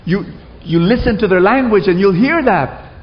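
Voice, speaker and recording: A man from the Philippines with a high, expressive voice preaches a sermon at a moderate pace to a congregation in a church hall. He tells stories and asks them to repeat after him, and the recording is dull and echoey.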